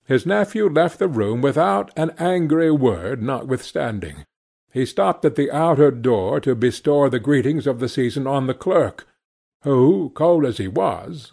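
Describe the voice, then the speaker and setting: A man reads a classic novel aloud in a measured, expressive way. He reads slowly, his pitch rising and falling widely, and his voice has a husky, gravelly grain. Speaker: narrator. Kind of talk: audiobook reading of a classic novel.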